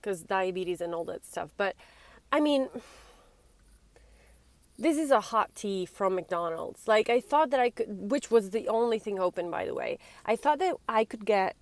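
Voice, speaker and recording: A woman's voice: mid-range voice, lively intonation, moderate pace, hardly any pauses, no echo. A young woman from Italy rambling anxiously in a casual vlog, teary-eyed and often breaking off mid-sentence. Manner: rambling, self-interrupting, anxious. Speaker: vlogger.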